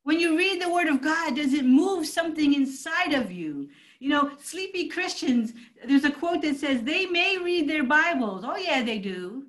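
A woman's voice: high voice, animated, normal speed, fairly bright tone, poor audio. A woman pastor preaching a sermon, emphatic and calling out to her congregation. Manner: emphatic preaching, calls out to the church.

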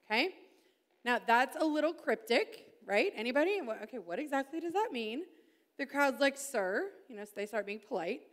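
Lively woman pastor preaching. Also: sits high, moderate pace, in a large hall. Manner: upbeat, playful, addresses the congregation directly. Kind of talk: sermon. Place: church hall.

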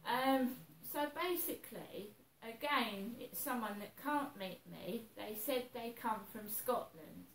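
A woman's voice: on the high side, expressive, takes it slowly, few pauses, a bit bright. A woman vlogging in a worried, hesitant way, often repeating herself. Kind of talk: anxious personal vlog. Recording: echoey room, voice a bit far from mic, faint noise.

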